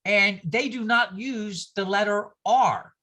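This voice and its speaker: An older man from New York teaching a class on a video call, animated and digressive, with anecdotes and asides. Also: sits high, takes it slowly.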